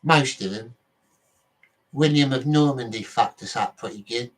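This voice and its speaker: A man's voice: mid-range voice, measured pace, distant mic, poor audio. A man from Britain vlogging in a casual, rambling monologue, often correcting himself and swearing offhandedly.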